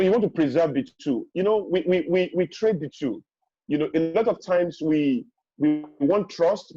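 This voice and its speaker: A man's voice: on the high side, dark tone, muffled recording, slight background noise. A middle-aged man, speaking as a guest in a webinar, emphatic and repetitive, with a preachy manner. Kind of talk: advice talk in a webinar. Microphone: video call.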